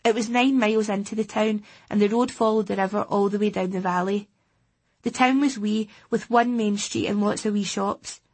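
Husky Scottish woman reading a story. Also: mid-range voice, moderate pace. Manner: plain, steady storytelling as a teenage boy. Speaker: audiobook reader. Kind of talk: first-person audiobook narration.

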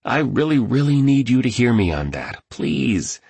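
A man's voice: medium pitch, big pitch swings, moderate pace, vocal fry, darkish tone, husky, no room sound. A man narrating an audiobook in an earnest, emphatic way.

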